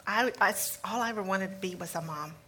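Woman in her sixties, church testimony, halting with ums, mid-pitched, faint background noise. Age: 60s. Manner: warm storytelling with frequent ums and restarts. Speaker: guest speaker, pastor's mother.

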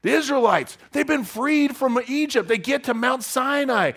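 With an extremely high-pitched voice at normal speed, a male pastor delivers a casual, conversational sermon. He tells stories in an animated way, acting out the voices of their characters.

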